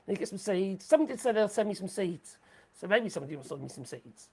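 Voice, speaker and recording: A woman's voice: medium pitch, animated, quick pace, dark tone, husky. A woman hosting a casual livestream, blunt and rambling, swearing freely. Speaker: livestream host.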